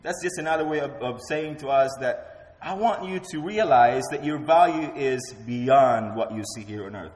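A man's voice: medium pitch, animated, normal speed, darkish tone. A man preaching a sermon as pastor, emphatic and repeating key words for effect. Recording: roomy hall with long reverb.

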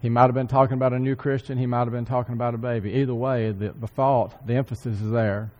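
A man preaching a sermon, earnestly repeating key phrases for emphasis and often clearing his throat. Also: mid-range voice, flat delivery, quick pace, muffled recording. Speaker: church speaker. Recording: long hall reverb.

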